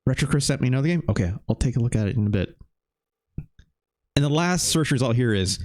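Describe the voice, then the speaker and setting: A man in his thirties streaming a retro game, chatting with viewers in a loose, animated way and swearing casually. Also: medium pitch, quick pace, long pauses. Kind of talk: live game stream chat.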